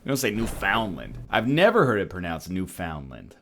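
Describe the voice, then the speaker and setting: A man's voice: mid-range voice, huge pitch swings, racing, a bit bright, a little hiss or hum. A man in his thirties rambles through a casual let's-play. His voice swoops up and down, and he keeps breaking into mocking put-on voices as he jokes along. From Canada. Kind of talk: casual gaming commentary.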